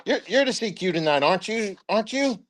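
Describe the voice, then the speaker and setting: A man voicing a gruff, sly middle-aged male first sergeant who barks orders in a high, pushy voice. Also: animated, fast, fairly bright tone, slight background noise. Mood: bossy.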